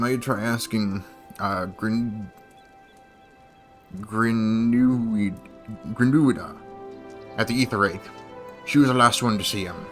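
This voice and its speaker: Casting: streamer playing a low-voiced grizzled elder, put-on old-world accent, game dialogue. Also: male voice, natural voice. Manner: put-on old-fashioned accent, dramatic reading.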